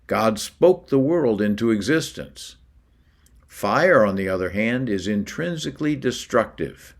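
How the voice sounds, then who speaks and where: A man, a congregation's rabbi, giving a slow, measured devotional teaching with scripture readings and announcements. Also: on the low side.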